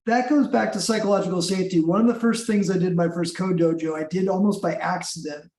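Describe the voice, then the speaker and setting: A man's voice: high voice, steady tone, fast, darkish tone, recorded from a distance, slight background noise. A man taking part in a meetup discussion, explaining his ideas thoughtfully. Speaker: meetup participant. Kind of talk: casual group discussion. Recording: roomy, off-mic.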